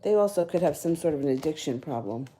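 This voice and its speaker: A woman reads tarot cards live for her viewers, her voice low and mellow. She talks casually and a little rambly, catching and fixing her own words as she goes, with small chuckles in between. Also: expressive, fast, a little hiss or hum. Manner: casual, rambling, self-correcting. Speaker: tarot reader. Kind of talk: live-stream tarot reading.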